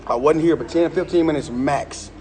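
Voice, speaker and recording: A man's voice: fairly high pitch, moderate pace, darkish tone. A middle-aged man, angrily live-streaming a complaint on his phone inside a gym, emphatic and repeating himself. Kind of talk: heated live-stream rant. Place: indoor gym.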